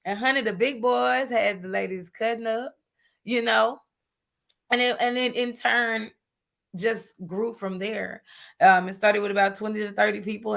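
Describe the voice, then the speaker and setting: A woman guest in an interview, telling her business story in a lively, chatty way, calling people "honey" and using many fillers. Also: mid-range voice, gravelly. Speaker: guest entrepreneur. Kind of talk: animated interview talk.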